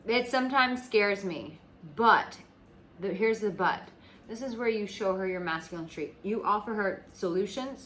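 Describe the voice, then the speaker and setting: This dating coach from the US has a mid-range, slightly bright voice and speaks at a moderate pace. She addresses her audience to camera casually and emphatically, swearing freely and using "like" over and over, on a rough recording with a little hiss or hum.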